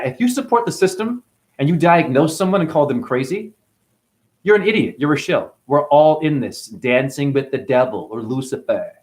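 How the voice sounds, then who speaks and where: A man hosting his own channel, delivering a combative, mocking, profane rant to camera. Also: on the high side. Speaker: channel host. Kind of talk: profane ranting monologue to camera.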